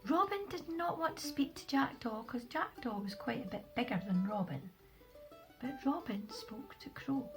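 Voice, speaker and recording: A woman telling a children's story, lively, often dropping to a whisper. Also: high voice, moderate pace, music in the background, poor audio.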